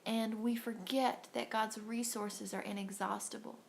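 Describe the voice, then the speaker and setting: A woman's voice: on the high side, little pitch movement, measured pace, vocal fry, a little hiss or hum. A woman giving an earnest, encouraging devotional talk to women, acting out little voices as she goes. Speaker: devotional host.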